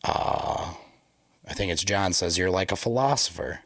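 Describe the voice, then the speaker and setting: A man's voice: low-pitched, a little slow, fairly bright tone, dry recording, clean studio sound. A man co-hosting a casual podcast, reading scripture passages aloud and then musing and joking about them. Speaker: podcast co-host. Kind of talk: casual religious discussion podcast.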